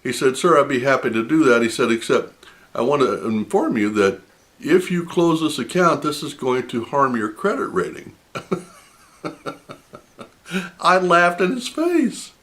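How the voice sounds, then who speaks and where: A man's voice: mid-range voice, expressive, moderate pace, a bit bright. A man in the middle of his voice range tells a story straight to camera, full of indignation. He pushes hard on key words as he retells a customer-service call, and he breaks into disbelieving laughs. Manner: indignant, retelling a phone argument with heavy emphasis. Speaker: personal finance channel host.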